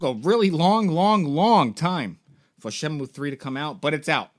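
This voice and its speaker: A man's voice: fairly high pitch, moderate pace, soft background music. A young man hosting a casual recap of a game series, rambling and swearing, with many fillers. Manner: rambling, profane, full of fillers. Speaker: toy and game store host.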